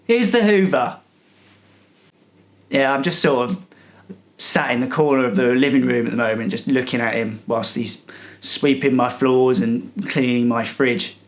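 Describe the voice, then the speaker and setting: A man's voice: mid-range voice, steady tone, moderate pace, reverberant. A man telling a comic story as a rude, boastful character, sarcastic and fed up. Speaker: comedic storyteller.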